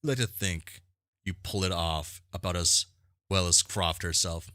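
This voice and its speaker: Deep-voiced man reading along casually. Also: a little slow, pushed and bright, no room sound, studio quality. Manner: rambling, self-mocking, stumbles over names. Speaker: streamer reading a webcomic aloud. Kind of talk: casual read-along with commentary.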